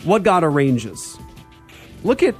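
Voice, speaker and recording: Emphatic man teaching over soft music. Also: on the high side, big pitch swings, takes it slowly. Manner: emphatic, repeats key phrases. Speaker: church show host. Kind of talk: teaching discussion on theology.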